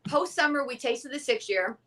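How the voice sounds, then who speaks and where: A woman's voice: high-pitched, normal speed. A young woman, a guest from a whiskey company, telling a story in a casual interview and acting out the dialogue. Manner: animated, acts out quoted dialogue.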